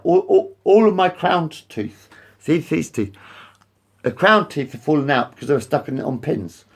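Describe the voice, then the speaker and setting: Man, ranting to camera, profane and rambling, higher voice with wide swings. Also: gravelly, slightly rough. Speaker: vlogger.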